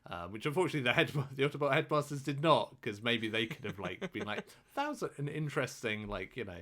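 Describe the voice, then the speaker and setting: A man's voice: medium pitch, quick pace, sharp tone. A man co-hosting a casual podcast who often restarts his sentences and fills them with "like". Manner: stammering restarts, frequent "like". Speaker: podcast co-host.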